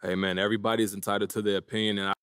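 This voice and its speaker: A confident young basketball pro , voiced by a man, fields reporters' questions in a game cutscene, brushing them off with easy charm. His voice sits low and moves quickly, recorded close and dry. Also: smooth, no room sound, natural voice. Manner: relaxed, media-savvy, brushes off questions. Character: confident young male pro basketball player at a press conference. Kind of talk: video game cutscene dialogue.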